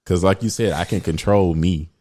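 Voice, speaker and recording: A young man with a notably deep, low-pitched voice talks through his thoughts on a casual podcast. He is measured and reflective, often pausing to find the right words as he thinks out loud. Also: fairly even intonation. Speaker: podcast co-host. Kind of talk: casual chat.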